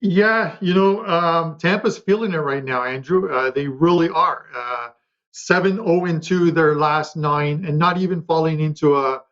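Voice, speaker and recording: A man on a betting panel, chatting quickly about his picks with lots of fillers and restarts. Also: a little high, fairly bright tone, highs cut off. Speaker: sports betting handicapper. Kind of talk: casual panel talk.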